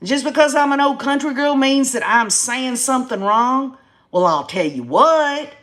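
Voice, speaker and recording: A fired-up woman in her fifties with a Tennessee drawl, talking straight to her live-stream viewers. Her voice sits a touch high, and she speaks with folksy, blunt country phrasing. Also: animated, normal speed, a bit bright. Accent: Tennessee Southern. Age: 50s. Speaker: YouTube live-stream host. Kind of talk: casual live-stream talk to chat.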